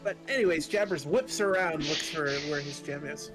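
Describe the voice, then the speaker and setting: A man playing a tabletop game, describing his character's actions in a casual, animated way. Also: a little high, normal speed. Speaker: player. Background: ambient fantasy music.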